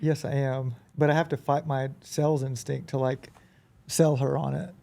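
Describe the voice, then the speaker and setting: A man who is a podcast guest, telling animated anecdotes in a casual conversation and often acting out quoted dialogue. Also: medium pitch, moderate pace, gravelly. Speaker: podcast guest, business owner.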